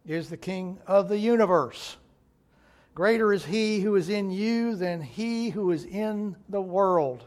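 A male pastor preaching a sermon in an emphatic way, repeating key phrases for weight. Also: a little high.

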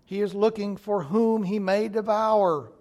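A man's voice: sits high, measured pace, a little mellow. A male pastor preaching a sermon in an emphatic way, repeating key phrases for weight.

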